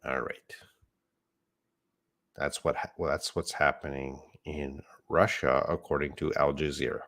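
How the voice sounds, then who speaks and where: A man teaching English live, with a deep, low voice. He talks slowly and patiently, going over words one at a time and answering questions from the chat. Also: little pitch movement, creaky, a bit bright. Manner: slow, patient explaining of words, reading viewer comments aloud. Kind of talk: live online English lesson.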